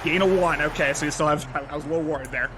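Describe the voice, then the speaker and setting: A young man giving casual play-by-play commentary of a video game, excitable and bursting into shouts on big plays. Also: on the high side, racing. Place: library. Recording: noisy background.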